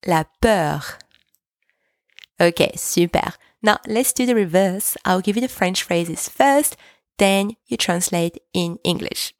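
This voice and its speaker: A woman hosting a language lesson podcast, speaking slowly and clearly and repeating each phrase so listeners can practice. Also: on the low side, expressive, no room sound, clean studio sound. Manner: slow, careful, repeats French words for practice. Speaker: French teacher, podcast host.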